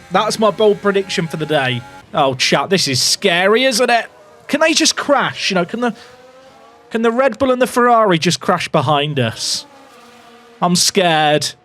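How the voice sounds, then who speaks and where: A young man commentating live on a racing management game for his chat, swinging between nervous muttering and excited shouts. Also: fairly high pitch. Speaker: gaming YouTuber.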